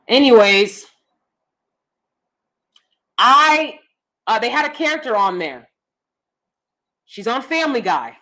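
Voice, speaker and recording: A woman in her thirties hosting a casual commentary stream, animated and emphatic, rambling with asides and reacting to chat. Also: on the high side, slow pace, pauses often, poor audio. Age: 30s. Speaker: commentary channel host.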